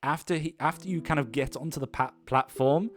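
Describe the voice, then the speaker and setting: This man's voice is a little high and his pace a little fast. Acting as game master for an improvised tabletop game, he narrates in a rambling way, full of fillers and false starts.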